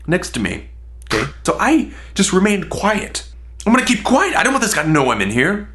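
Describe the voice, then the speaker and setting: A man telling a funny story in an excitable, animated way. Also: fairly high pitch. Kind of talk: comedic storytelling.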